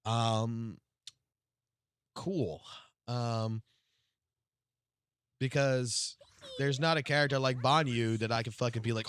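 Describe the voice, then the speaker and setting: A man streaming live, reacting to game news in a profane, excitable rant that swings from low mutters to loud outbursts. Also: slow, pauses often, smooth, dry recording, clean studio sound.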